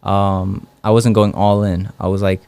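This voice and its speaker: A man's voice: on the low side, measured pace, creaky, clean tone, dry recording. A young man, a guest in an interview, telling personal stories casually with lots of "like" and "um". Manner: relaxed, many fillers like "like" and "um".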